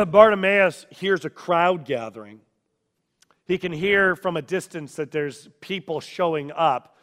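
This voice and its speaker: A man with a high voice delivers a sermon with dramatic storytelling, moving from hushed, quiet passages to full shouts. His voice rings out with a long reverb, as in a large sanctuary. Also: expressive, slow pace. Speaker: preacher.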